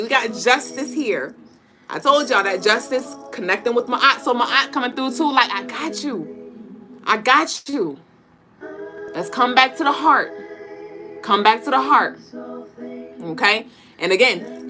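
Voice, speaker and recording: High-voiced, profane spiritual live-streamer. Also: female voice. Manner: profane, animated, laughing and chanting. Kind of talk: casual live-stream tarot-style reading.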